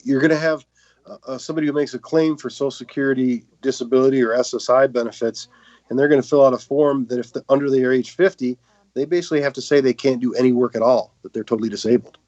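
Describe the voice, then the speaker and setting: A man hosting a radio law show, explaining disability claims in a measured way. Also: medium pitch, fairly even intonation, a little mellow, no echo, muffled recording. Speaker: host, disability lawyer.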